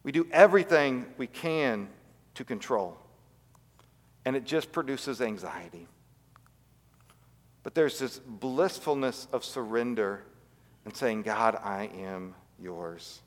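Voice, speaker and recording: A man preaching a sermon as pastor, telling stories earnestly and dropping to quiet emphasis. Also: mid-range voice, animated, slow, pauses often, in a large hall.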